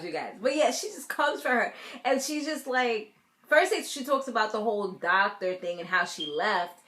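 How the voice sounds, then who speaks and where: A woman's voice: fairly high pitch, moderate pace, echoey room. Sassy American woman recapping TV. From Caribbean family, raised in the US. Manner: sassy, animated, talks straight to viewers. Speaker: TV recap vlogger. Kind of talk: casual reality TV recap.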